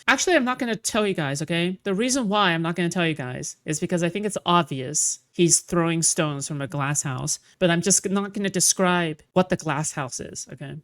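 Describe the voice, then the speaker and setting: A woman's voice: fairly low pitch, brisk, few pauses, no room sound. A woman streaming, talking casually in a sarcastic, mocking way with rambling asides. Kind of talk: casual reaction stream chat.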